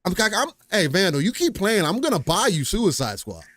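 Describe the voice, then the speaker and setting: A man's voice: sits high, huge pitch swings, moderate pace, a bit bright, no room sound, clean studio sound. A man co-hosting a gaming podcast in casual chat, joking and reading chat messages aloud in a laid-back way. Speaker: podcast co-host.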